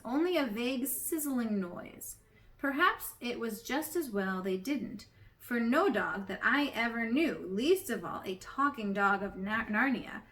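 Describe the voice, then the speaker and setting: A woman narrating a storybook aloud in a gentle, measured way. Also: on the high side. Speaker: audiobook reader.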